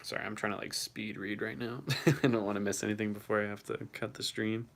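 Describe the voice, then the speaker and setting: Young man, low voice, gravelly fry, livestream host, casual chat, shaky voice from cold. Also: little pitch movement, fast, a bit bright. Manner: chatty, reacts to chat messages, swears casually. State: voice shaking from cold.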